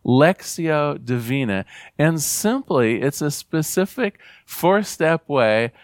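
A man's voice: a little high, expressive, slow pace, no echo, clean studio sound. Earnest man giving a spiritual talk. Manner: earnest, gently repetitive, reads passages aloud. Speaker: spiritual teacher.

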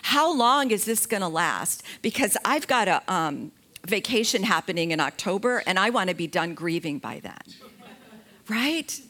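A middle-aged woman giving a slow, gentle talk about grief, pausing often between phrases. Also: mid-range voice, animated. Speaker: grief educator.

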